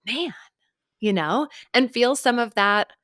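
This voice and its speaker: A woman's voice: a little high, animated, takes it slowly, a bit bright, no room sound, clean studio sound. A woman in her thirties co-hosting a podcast in casual chat, reflective and affirming as she wraps things up. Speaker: podcast co-host.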